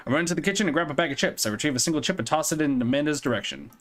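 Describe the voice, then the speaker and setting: A man's voice: on the high side, expressive, rapid-fire, hardly any pauses, a bit bright. A young man streaming a game, reading narration aloud in a playful, jokey way. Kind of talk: reading a visual novel aloud while streaming.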